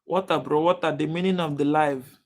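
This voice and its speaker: Nigerian male stream host, casual and talkative, fairly high voice, keeps welcoming chat. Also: fairly even intonation, fairly quick. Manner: chatty, greets viewers by name, reads chat aloud. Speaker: livestream host.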